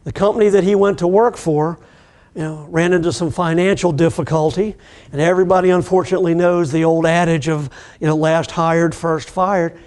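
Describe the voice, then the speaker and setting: A middle-aged man teaching about addiction recovery, telling a story in a relaxed, conversational way and acting out the people in it. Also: a little high, fairly quick. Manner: conversational, acts out the people in his stories. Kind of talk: storytelling lecture.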